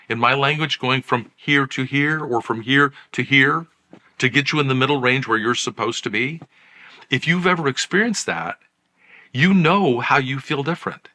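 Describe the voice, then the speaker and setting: A middle-aged psychiatrist and channel host talking straight to the camera, conversational and emphatic, full of rhetorical questions. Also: male voice, mid-range voice, bright, forceful tone. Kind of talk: direct-to-camera commentary.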